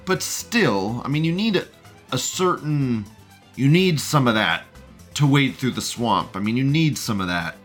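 A man's voice: mid-range voice, animated, measured pace, a bit bright, soft background music. Profane, rambling male stream host. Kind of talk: casual live-stream commentary.

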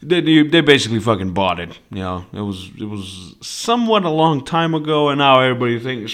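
A young man from Serbia hosting a podcast on his own, rambling through a story with swearing in nearly every sentence. His pitch swings widely from phrase to phrase, and his tone is bright and forceful. Some phrases come out in quick, tumbling bursts. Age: young adult. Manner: profane, rambling and animated. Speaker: podcast host. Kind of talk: casual storytelling monologue.

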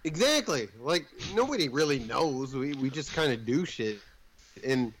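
A man's voice: mid-range voice, moderate pace, rough recording. Rambling man recapping a movie casually. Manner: rambling, swears casually, lively storytelling.

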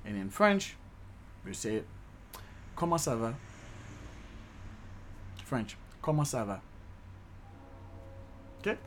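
An upbeat, chatty man from Haiti teaching a casual video language lesson, repeating each word slowly. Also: medium pitch, sing-song, fairly bright tone, slight background noise.

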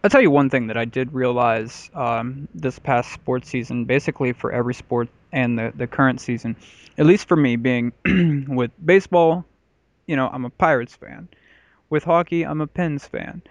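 A man's voice: medium pitch, moderate pace, no echo. Profane, rambling man hosting a podcast. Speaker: podcast host. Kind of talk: casual chat.

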